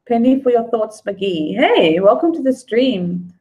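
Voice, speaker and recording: A woman's voice: a little high, expressive, slow pace, dark tone, highs cut off. A woman chatting casually on a livestream, greeting viewers by name. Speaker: livestream host. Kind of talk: casual livestream chat, reading viewer comments.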